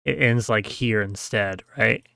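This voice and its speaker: A man's voice: fairly low pitch, unhurried, vocal fry, sharp tone, faint music behind. A man giving a casual screen-share tutorial, explaining step by step, often checking with "right?" and humming the sounds he describes. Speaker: mapping tutor.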